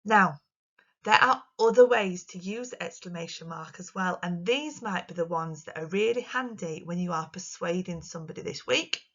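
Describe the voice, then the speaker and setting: A woman teacher, giving a recorded lesson to young children in an expressive, sing-song way. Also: on the low side, moderate pace, lo-fi sound. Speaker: primary school teacher.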